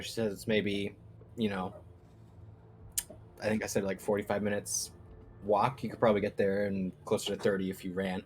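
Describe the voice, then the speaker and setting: Relaxed man running a tabletop game. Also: on the low side, brisk, slight background noise. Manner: relaxed, loose narration with fillers. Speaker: game master. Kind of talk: narrating a live tabletop game.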